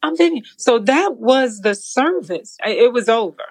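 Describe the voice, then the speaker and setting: A woman guest telling her faith testimony in an interview, expressive and laughing often as she acts out the scenes. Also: fairly high pitch, measured pace, husky. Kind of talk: animated storytelling.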